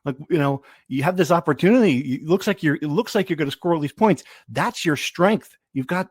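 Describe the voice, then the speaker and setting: A man's voice: a little high, no echo, studio quality. A man hosting a sports podcast, chatting casually and telling rambling stories with many restarts. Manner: rambling, self-interrupting storyteller. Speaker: podcast host.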